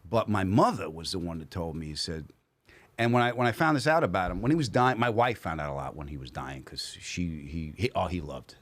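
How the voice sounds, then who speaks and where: A man, a comedian guest on a podcast, telling family stories in an animated way. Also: a little fast. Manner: animated storyteller, voice jumps high. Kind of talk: casual chat.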